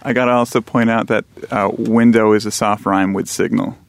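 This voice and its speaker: A man, a songwriter guest, talking about his song in a halting, modest way in a studio. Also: lowish voice, fairly even intonation, gravelly. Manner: halting, modest, self-deprecating. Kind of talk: casual studio discussion.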